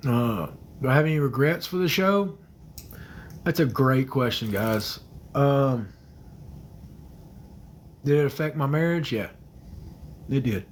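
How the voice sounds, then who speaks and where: A man in his thirties hosting a phone livestream, answering viewer comments in a hesitant, soft-spoken way with many fillers and quiet trailing murmurs. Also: medium pitch, expressive, takes it slowly, pauses often, a little hiss or hum, poor audio. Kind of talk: casual livestream chat.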